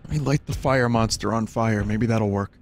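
A man's voice: lowish voice, normal speed, noisy background. A man streaming a horror game, giving casual commentary in a joking, self-mocking, rambling way. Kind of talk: casual let's-play commentary.

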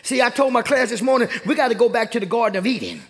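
A young man preaching a sermon in a church, calling out to the congregation and rising to shouts. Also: extremely high pitch, quick pace, gravelly. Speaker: pastor. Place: church sanctuary.

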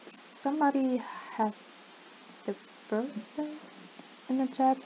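A playful woman narrates her gameplay in a slightly high voice that keeps cracking, drawling her words slowly between sudden excited outbursts. The recording is a little dull and lo-fi, with a faint hiss underneath. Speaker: gaming YouTuber. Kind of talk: let's-play gaming commentary.

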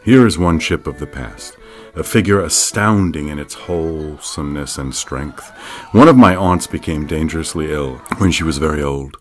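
A man narrating an audiobook in a measured, deliberate reading. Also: extremely low pitch, soft background music. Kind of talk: scripted narration.

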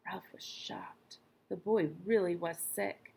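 A young adult woman, a teacher, reading a children's book aloud with expressive storytelling. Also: medium pitch, unhurried, creaky, slightly rough.

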